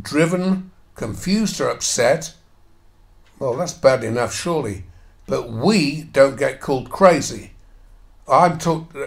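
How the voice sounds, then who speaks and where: A man with an ordinary mid-pitched voice rants through a commentary as he reads an article aloud. He is sarcastic and scornful, and he swears heavily as he mocks each quoted line. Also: creaky. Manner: angry, sarcastic, heavy swearing; reads quoted passages, then mocks them.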